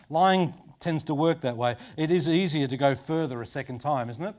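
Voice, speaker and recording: A middle-aged Australian pastor preaching a sermon in a conversational way, dropping to soft low tones for emphasis. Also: male voice, moderate pace. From Sydney, Australia.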